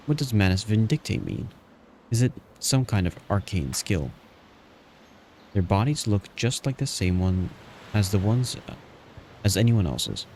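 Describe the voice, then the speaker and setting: A man streaming a game and narrating its text aloud in a lowish voice. His reading is plain and steady, with small slips and restarts as he goes. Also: a little hiss or hum.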